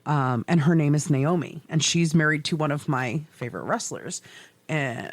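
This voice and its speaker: Middle-aged woman, podcast co-host; low-pitched, profane, animated storyteller; dry close mic. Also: normal speed, no echo. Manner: animated, swearing, laughing storyteller. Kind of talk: casual chat.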